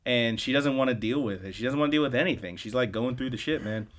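A man's voice: mid-range voice, fast. A man hosting a podcast, recapping episodes in a loose, chatty way and swearing casually. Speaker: podcast host.

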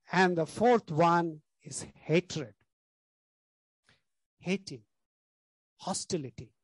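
A man's voice: high-pitched, dry recording. A male pastor preaching a sermon, stressing key words, repeating lists and leaning on "you know".

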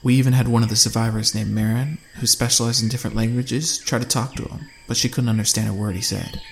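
A man narrating a first-person fantasy audiobook in a steady storytelling manner. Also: medium pitch, fast talker, creaky, a little hiss or hum.

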